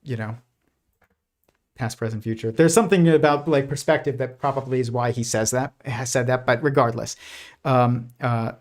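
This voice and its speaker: A man's voice: mid-range voice, steady tone, moderate pace. A man talking through his thoughts on a casual livestream, with a mid-range voice. He rambles, restarts his sentences, and leans on fillers. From United States. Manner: rambling, many restarts and fillers, laughs softly. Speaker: host.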